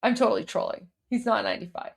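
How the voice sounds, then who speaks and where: A woman's voice: a little high, fast, gravelly. Woman livestream host, casual political commentary, chatty with emphatic bursts. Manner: chatty, repeats words and restarts while coaching pronunciation; emphatic, insistent when arguing.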